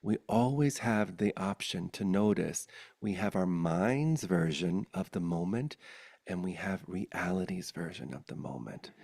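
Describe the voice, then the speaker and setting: A man leading a spiritual gathering, telling stories in an animated way, often laughing and sometimes dropping to a soft near-whisper. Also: sits low, measured pace, gravelly. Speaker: spiritual teacher leading a satsang. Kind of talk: casual spiritual talk to a group.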